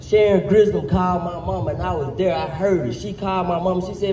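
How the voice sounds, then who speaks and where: A man speaking fiercely and defiantly at a rally for his brother who died, rising at times to shouts, recorded from afar with echo and noise. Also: high voice, fast talker, hardly any pauses. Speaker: family member of the deceased, rally speaker. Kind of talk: impassioned rally speech. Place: public rally. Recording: echoey, distant, noisy outdoor rally recording.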